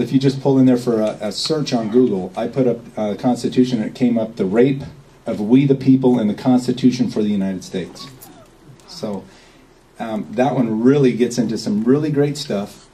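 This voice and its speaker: A man's voice: mid-range voice, mellow, recorded from a distance, slight background noise, low-quality recording. A man giving an informal, rambling talk to a small group, often checking in with "okay?". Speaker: speaker at a meeting.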